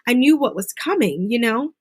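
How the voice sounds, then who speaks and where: A middle-aged woman as an interview guest, earnestly telling a personal story and mimicking others in high voices. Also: lively intonation, moderate pace, breathy edge. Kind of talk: interview conversation.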